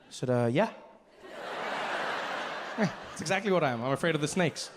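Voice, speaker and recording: A male stand-up comedian tells a story on stage in a high, lively voice. He acts out the other characters with big jumps in pitch. The sound carries the long reverb of a large hall, with faint ambience underneath. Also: fairly quick, background noise.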